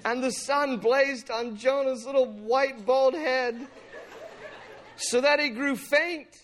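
Male pastor, high and bright voice, lively, jokey sermon delivery. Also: slow pace, a little hiss or hum. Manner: animated, playful, acts out scripture.

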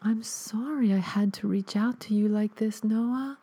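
Ghost mother, whispered and delicate, higher and lighter, as a narrator puts her on. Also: unhurried, dark tone, breathy edge. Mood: urgent. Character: ghostly dead mother speaking through radio static.

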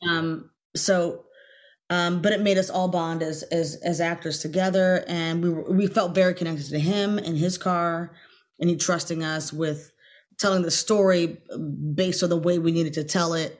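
A middle-aged actress, appearing as a guest on a podcast interview, tells a story with lively energy and breaks into loud, acted-out quotes. Her voice sits on the low side, and she speaks at a normal speed.

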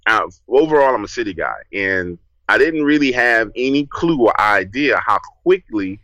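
A man, a podcast guest telling a story in a casual, lively way and acting out what he said back then. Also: mid-range voice, normal speed, dry recording, rough recording. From New Orleans, USA. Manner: lively, acts out his own past lines.

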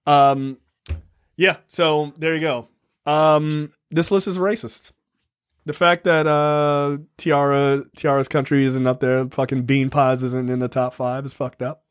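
A man's voice: fairly high pitch, flat delivery, measured pace, clear, resonant tone, no room sound, studio quality. A man co-hosting a podcast in casual chat, talking in a laid-back, rambling way with lots of swearing and fillers. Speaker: podcast co-host.

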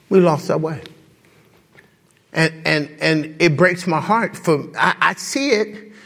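A pastor delivers his sermon in a husky, gravelly voice that sits a touch high for a man. His pitch swings widely as he preaches with passion, firing rhetorical questions straight at his congregation. The tone stays conversational and direct. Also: a bit bright. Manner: impassioned preaching, rhetorical questions, chuckles between points.

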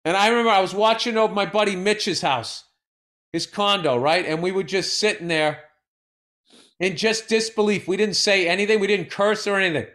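A middle-aged man, co-hosting a casual podcast and telling animated, profane stories. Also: high voice, moderate pace. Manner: animated storyteller, swears freely, acts out quotes. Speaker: podcast co-host.

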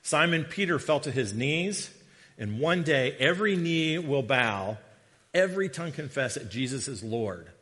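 A middle-aged man, a guest preacher, giving a sermon with a humorous personal story, animated and joking as he tells it. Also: medium pitch, normal speed. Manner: animated storyteller, jokey asides. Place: church sanctuary. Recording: long reverb of a large hall.

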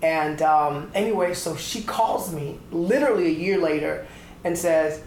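A middle-aged man from Atlanta, Georgia, a choreographer and dancer telling his story in an interview, animated, acting out the voices he quotes. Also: fairly high pitch, measured pace. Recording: echoey room with faint background noise.

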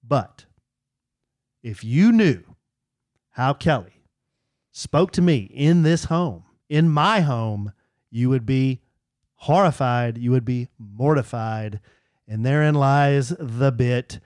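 A man's voice: mid-range voice, takes it slowly, pauses often, darkish tone, no room sound, clean studio sound. A man co-hosting a podcast, playful and mock-aggrieved as he jokes in casual chat. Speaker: podcast co-host. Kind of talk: casual chat and comedic rant.

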